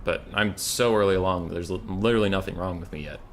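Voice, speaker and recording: A man's voice: low voice, fast talker, slight background noise. Chatty young man casting a strategy game. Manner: chatty, rambling, swears casually. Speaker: game caster. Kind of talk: casual esports commentary.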